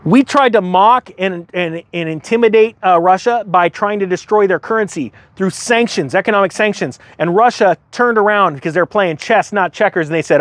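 A man's voice: sits high, brisk, few pauses, dry recording. A man hosting a finance commentary show, reading news aloud and breaking off into fired-up, emphatic rants. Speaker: host of a finance commentary channel.

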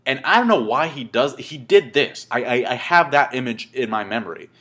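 A man's voice: medium pitch, lively intonation, moderate pace, a bit bright. A man in his twenties telling a casual story to camera, rambling and swearing, with many fillers and restarts. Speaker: vlogger.

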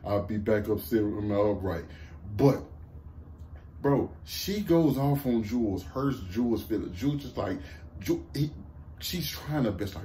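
A man with a Southern American accent recapping a TV episode in a casual, excited, profane way, laughing often, slumped low in a seat at home. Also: unhurried, slight background noise. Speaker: TV review vlogger.

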